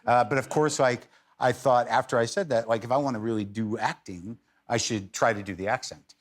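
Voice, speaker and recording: A man's voice: medium pitch, fairly even intonation, brisk. A middle-aged man tells stories on a talk show, wry and rambling. He keeps breaking off into self-deprecating asides and picks the thread back up. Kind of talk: casual anecdote telling.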